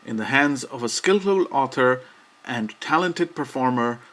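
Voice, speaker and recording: Guy reading a lecture on poetry meter, steady measured delivery, mid-pitched voice. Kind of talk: scripted educational narration.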